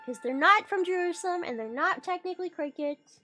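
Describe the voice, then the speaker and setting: A woman streamer in casual livestream chat, excitable and playful, rambling and swearing casually, her voice leaping up and down in pitch and loudness. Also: a little fast, faint music behind.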